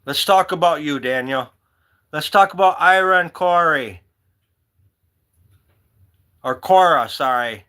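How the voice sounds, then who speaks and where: A man chatting away on a livestream, his voice bright and forceful. He drifts between stories and talks to viewers by name. His pitch sits a little high for a man. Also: expressive, slow, long pauses. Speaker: livestream host. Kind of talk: casual live-stream chat.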